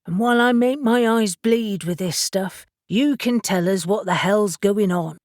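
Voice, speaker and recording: A woman's voice: mid-range voice, unhurried, a little mellow, dry recording, studio quality, lightly acted. A woman reading the part of a stubborn young man who grumbles and swears in an audiobook. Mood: grumbling.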